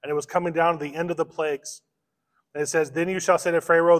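A man's voice: on the high side, little pitch movement. Man preaching in a reverberant church. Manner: expository preaching, slows for emphasis. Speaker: pastor. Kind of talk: sermon. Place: church sanctuary.

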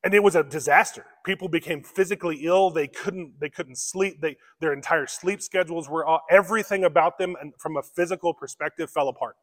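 A man's voice: a little high, brisk, few pauses, fairly bright tone. Preaching man in a reverberant church. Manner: earnest, conversational preaching with restarts. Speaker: pastor. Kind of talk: sermon. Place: church sanctuary. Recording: long hall reverb.

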